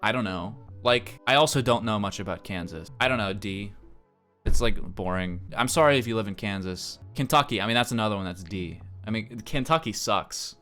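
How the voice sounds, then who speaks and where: A man's voice: lowish voice, fairly quick, pushed and bright, faint music behind. A young man chatting casually on a live stream, rambling, blunt and often profane. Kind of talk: casual chat.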